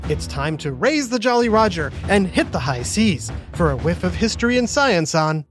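A man hosting a children's educational podcast, narrating in an upbeat, animated way for kids. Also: sits high, moderate pace, over music. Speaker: host.

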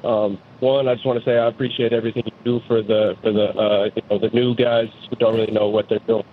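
A man's voice: fairly low pitch, level tone, fast talker, a little hiss or hum. A man calling in to a finance show, asking his question politely and hesitantly with many fillers. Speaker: caller. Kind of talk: phone-in question. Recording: tinny phone line.

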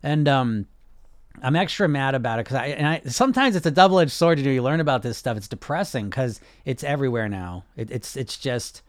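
Male podcast host, mid-pitch voice, blunt and fired-up, swears freely, close dry recording. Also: lively intonation, fairly quick, no echo. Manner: blunt and passionate, swears, many restarts. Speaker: podcast host and weight loss coach. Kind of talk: casual unscripted podcast talk.

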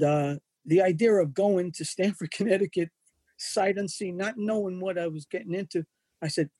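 A man's voice: a little high, dry recording. An older man telling wrestling-road stories as an interview guest, acting out the voices of the people in his anecdotes. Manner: animated anecdotes, acts out quoted voices. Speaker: wrestling photographer and magazine editor. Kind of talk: storytelling in an interview.

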